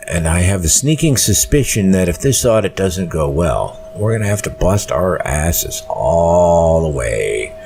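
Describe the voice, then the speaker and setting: A tired man hosting a solo podcast, talking slowly and rambling with many pauses and fillers. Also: low-pitched, very animated, darkish tone, slight background noise. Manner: rambling, slow, full of fillers. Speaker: podcast host. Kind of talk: casual solo podcast monologue.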